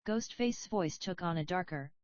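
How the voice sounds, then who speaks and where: A woman reading fan fiction aloud in steady scripted narration, on a dull, dry lo-fi recording. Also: fairly low pitch, moderate pace, no room sound. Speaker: reader.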